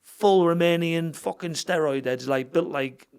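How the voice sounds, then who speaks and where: A middle-aged man tells a story in a casual podcast chat, with a voice that sits fairly high for a man. He swears a lot and acts out what each person said. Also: a little slow, a little mellow, clean tone. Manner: swears freely, tells the story with quoted dialogue. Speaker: guest, fighter and gym owner.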